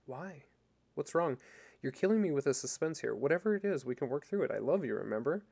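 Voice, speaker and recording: A man's voice: fairly high pitch, animated, fairly quick, creaky, a little mellow, slightly rough, exaggerated voice. A man voicing a grieving husband who pleads with his wife in a desperate, hurt way. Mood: pleading.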